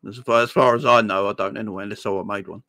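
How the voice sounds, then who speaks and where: A man's voice: fairly low pitch, fairly even intonation, racing, bright, forceful tone, no echo. A man hosting a casual live chat, reading viewer comments aloud, laughing often and calling people "my friend.". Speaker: livestream host.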